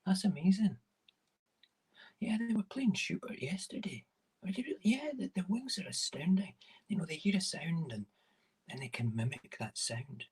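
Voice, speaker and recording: A man doing a gushing falsetto nature lover. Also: lively intonation, normal speed, darkish tone, husky, full character voice, rough recording. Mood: delighted. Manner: gushing, delighted. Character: chirpy high-voiced person marvelling at singing worms.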